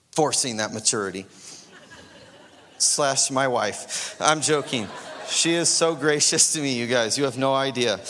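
A young adult man preaching a sermon, conversational and lively, acting out his own inner voice and dropping to near whispers at times. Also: mid-range voice. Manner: conversational preaching, acts out inner voices, swings loud and soft. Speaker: pastor. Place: church sanctuary. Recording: long hall reverb.

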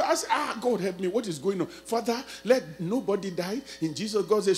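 A man with a high voice delivers a sermon. His telling goes hushed and intimate, then rises to full-throated shouting. A steady electrical hum sits under the recording. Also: moderate pace. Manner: swings from quiet storytelling to loud shouted preaching. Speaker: pastor.

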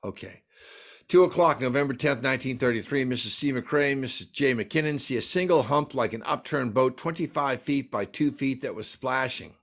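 A man's voice: mid-range voice, normal speed. A man giving a folklore lecture at a library, enthusiastically reading out lists of dates and sighting reports. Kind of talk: lecture presentation.

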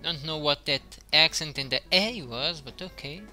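A man's voice: fairly high pitch, normal speed, bright, forceful tone, faint music behind. A man commenting on a game playthrough, reading on-screen text aloud with dry asides. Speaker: gaming youtuber.

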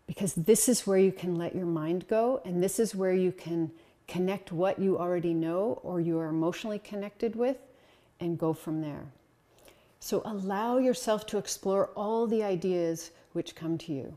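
A woman's voice: fairly low pitch, moderate pace, warm tone. A woman presenting a talk with slides to an audience, conversational and encouraging, with frequent ums and uhs. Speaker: lecturer.

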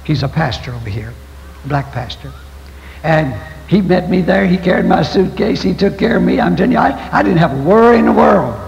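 A man's voice: high-pitched, lively intonation, moderate pace, creaky, darkish tone. An older man preaching a folksy, storytelling sermon as pastor. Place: church sanctuary. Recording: echoey church hall, dull lo-fi 1990s tape.

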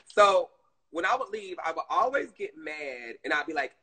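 A woman chatting casually on her live stream, animated and swearing freely, calling her viewers "girl". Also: sits low, moderate pace, husky, rough recording.

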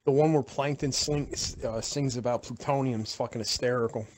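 A man's voice: mid-range voice, steady tone, brisk, darkish tone. Chatty man explaining a game. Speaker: co-player on stream. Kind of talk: casual live-stream chat.

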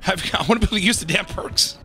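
Male gaming YouTuber, high voice, excitable play-by-play with swearing, faint game music behind. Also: rapid-fire. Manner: excitable, swears and laughs often. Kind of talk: casual gameplay commentary.

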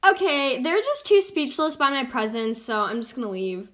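A woman's voice: high-pitched, sing-song, moderate pace, fairly bright tone. A young woman hosting casual game commentary, bubbly and giggly, swinging between squeals and mutters. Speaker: gaming channel host.

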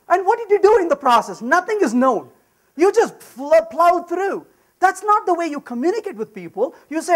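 This conference speaker has a very high voice and a normal pace. Delivering a live technical talk, he keeps the mood animated with jokes and a frequent "right?" to the crowd.

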